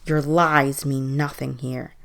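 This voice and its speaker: A woman voicing a chorus of vengeful spirits who accuse slowly in a booming voice. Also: little pitch movement, creaky, exaggerated voice. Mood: accusing, booming.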